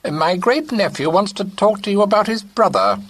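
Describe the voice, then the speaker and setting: An imperious elderly great-aunt in an audiobook, issuing orders with brisk authority, as a male narrator puts her on. The voice sits high and a touch louder than his narration, with a husky grain. The recording is close and dry. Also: sing-song, dry recording, exaggerated voice. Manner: commanding, dismissive.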